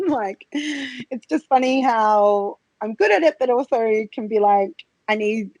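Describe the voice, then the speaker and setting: A woman's voice: fairly high pitch, takes it slowly, darkish tone, no echo, poor audio. A woman being interviewed as a podcast guest, chatting casually, giggling often and hesitating with many fillers. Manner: giggly, laughs often mid-sentence. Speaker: podcast guest, cam model.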